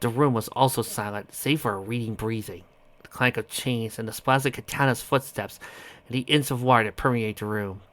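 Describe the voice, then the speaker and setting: A man's voice: mid-range voice, a little fast, fairly bright tone. A man reading a fan story aloud, often stumbling over a word and correcting himself. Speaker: audiobook reader.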